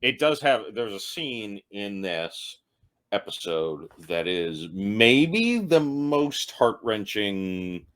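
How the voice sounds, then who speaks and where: Slow and sing-song, with a fairly low, somewhat bright voice, this tipsy host rambles through his ranking of TV episodes. The monologue is casual and comedic, loose and self-mocking.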